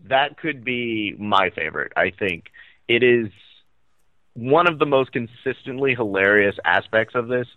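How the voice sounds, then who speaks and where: A man's voice: mid-range voice, lively intonation, a little slow, no echo. A man co-hosting a podcast in casual chat, with dry teasing banter. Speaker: podcast co-host. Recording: dry, muffled mic.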